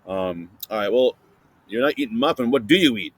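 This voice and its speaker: A man hosting a casual science podcast for kids, playfully interviewing a silent guest and filling pauses with chatter. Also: medium pitch, expressive, breathy edge. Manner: chatty with many fillers. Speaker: podcast host.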